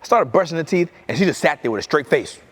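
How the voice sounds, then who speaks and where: A man's voice: a little high, lively intonation, fast talker, slightly rough. A man in his thirties giving a motivational keynote, telling a story and acting out his children's voices. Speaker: keynote speaker.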